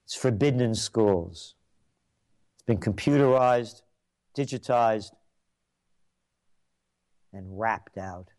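A man's voice: lowish voice, slow, pauses often, darkish tone. An older man hosting a trends commentary show, delivering an opinionated monologue with emphatic, repetitive declarations.

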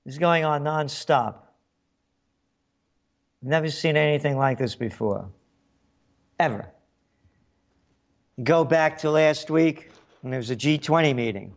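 A man's voice: a little high, animated, measured pace, long pauses, muffled recording. A man hosting a talk radio show, delivering a sarcastic, facetious monologue with a frog in his throat.

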